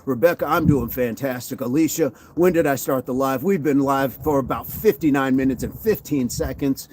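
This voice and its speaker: A man's voice: medium pitch, moderate pace, darkish tone, slight background noise. A man hosting a daily fitness livestream, casually chatting, joking and greeting viewers by name as he reads their comments.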